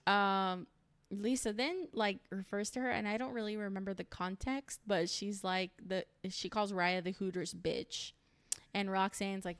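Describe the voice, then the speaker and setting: A woman with a smooth, clean voice gives a casual recap of a reality show. She chats on with opinions and many fillers. The sound is dry and close, with no room echo. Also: mid-range voice, level tone, a little slow, a bit bright. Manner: chatty and opinionated, lots of "like" and "um".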